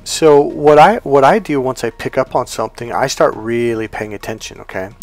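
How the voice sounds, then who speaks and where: A man's voice: mid-range voice, moderate pace, a little mellow, no room sound, faint music behind. A man in a life coach role, talking through an example in a casual teaching monologue and acting out the quoted dialogue. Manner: conversational, acts out quoted dialogue.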